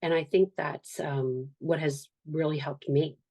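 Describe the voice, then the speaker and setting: A mellow, low-voiced woman in her fifties speaks a little slowly with fairly even intonation. As a guest on a candid podcast, the author and social worker looks back earnestly on her life, giving voice to the people she quotes.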